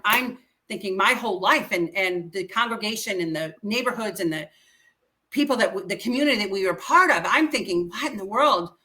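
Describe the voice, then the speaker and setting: A woman's voice: medium pitch, normal speed, pushed and bright. A middle-aged woman telling personal stories as an interview guest, earnest and emotional, acting out what others said. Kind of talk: personal storytelling.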